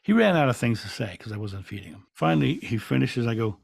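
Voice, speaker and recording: Calm male podcast guest with a gravelly voice, dry sound, reflective storyteller who restarts often. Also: mid-range voice, fast, no room sound. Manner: calm, reflective, with frequent restarts and soft laughs. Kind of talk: relaxed storytelling in an interview.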